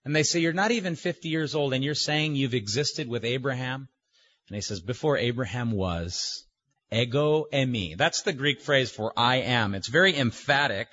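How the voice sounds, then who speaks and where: A man preaching a sermon, slow and emphatic, with deliberate pauses. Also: medium pitch, sharp tone. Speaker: pastor. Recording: dull lo-fi recording.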